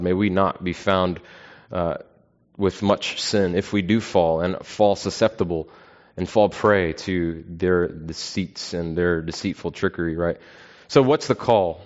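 A man preaching an earnest, measured sermon, often pausing with fillers. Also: low-pitched. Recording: dull, lo-fi sound.

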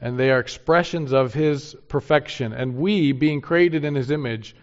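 Gravelly-voiced male preacher, lo-fi. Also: mid-range voice, moderate pace. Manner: earnest, rising to emphatic peaks then dropping soft. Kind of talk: sermon. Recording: dull lo-fi sound.

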